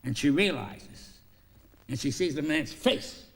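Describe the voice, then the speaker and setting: Male filmmaker pitching a story; energetic, profane, acts out scenes. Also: a little slow, creaky, breathy edge.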